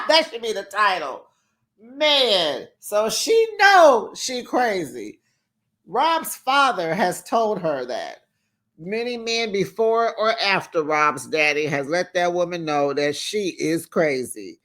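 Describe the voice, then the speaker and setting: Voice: medium pitch, big pitch swings, takes it slowly, a bit bright. A reality TV recap host chatting casually with viewers in a sassy, direct way and laughing easily between remarks. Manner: sassy, talks straight to viewers, acts out quoted lines. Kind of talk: casual episode recap vlog.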